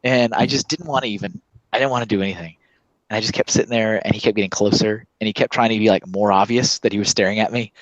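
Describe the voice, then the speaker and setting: A man telling a story in casual chat, animated and acting out what people said. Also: lowish voice, fast talker, no room sound, lo-fi sound. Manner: animated storytelling, acts out quotes with laughs.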